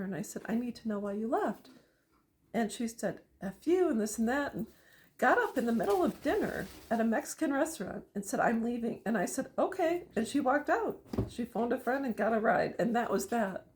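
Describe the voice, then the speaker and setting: A woman's voice: on the high side, darkish tone. A middle-aged woman telling a personal story and giving emphatic advice to other parents in a monologue. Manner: emphatic, storytelling, lists items deliberately. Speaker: parent vlogger.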